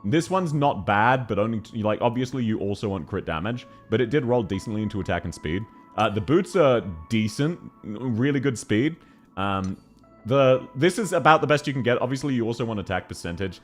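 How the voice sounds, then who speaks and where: A man live-streams a game from a home setup, talking straight to his viewers. He sounds excited and giggles often, and his pitch swings widely as he reacts to chat. Faint game music plays quietly behind him. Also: a little fast.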